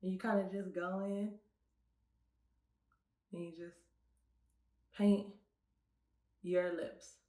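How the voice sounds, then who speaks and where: A young woman co-hosting a casual review chat. She talks in an animated, chatty way and laughs easily. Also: fairly low pitch, slow, long pauses. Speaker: co-host and beauty segment presenter. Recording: echoey room.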